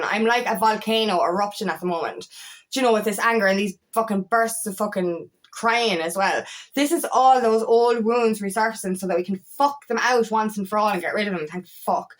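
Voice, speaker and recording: A woman's voice: fairly high pitch, a bit bright. A woman candid, rambling spiritual coach. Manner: candid, swears freely, rambling. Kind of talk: casual talk to camera.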